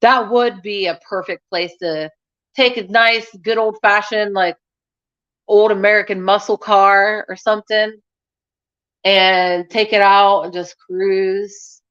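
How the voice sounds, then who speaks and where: A woman's voice: medium pitch, steady tone, takes it slowly, fairly bright tone, clear, resonant tone, lo-fi sound. A woman hosting a casual livestream, chatting with viewers and rambling through stories. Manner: rambling and chatty, many fillers and restarts. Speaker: livestream host. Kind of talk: casual chat reading viewer comments.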